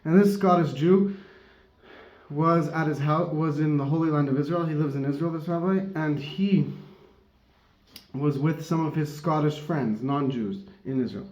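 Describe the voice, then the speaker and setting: Man giving a rambling, mellow Torah talk. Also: on the high side, normal speed. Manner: rambling, self-correcting, laughs often. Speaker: Torah teacher. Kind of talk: casual religious teaching talk. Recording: dull, roomy recording.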